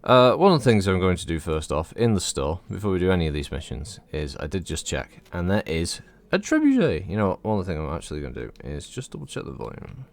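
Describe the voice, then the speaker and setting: A man's voice: low-pitched, big pitch swings, fast talker, gravelly, hardly any pauses, no echo. A man giving casual, rambling commentary as he streams a game, swearing freely.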